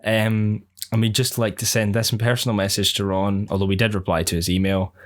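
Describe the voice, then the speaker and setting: Young male co-host with a slightly low voice who talks at length in an earnest, rambling way. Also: flat delivery, a little fast. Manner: long-winded, earnest opinions. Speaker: podcast co-host. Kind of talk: casual podcast chat.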